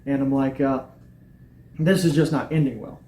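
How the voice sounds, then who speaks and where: A man plainly recounts his own arrest in a personal account, acting out the lines he quotes. His medium-pitched voice is steady, dark and at normal speed, recorded in an echoey room with faint noise.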